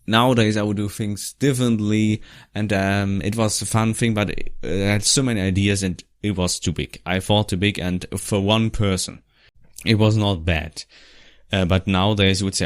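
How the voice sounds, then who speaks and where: Low-voiced man rambling casually. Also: fairly even intonation, normal speed, no echo, studio quality. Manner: rambling, restarts often, laughs now and then. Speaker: vlogger. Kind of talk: casual commentary over his old video.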